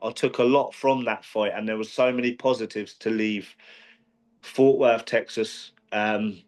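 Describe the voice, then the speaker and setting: A professional boxer being interviewed, talking casually with many restarts and fillers. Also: male voice, on the low side, steady tone, unhurried, a little mellow. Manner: rambling, frequent restarts and fillers.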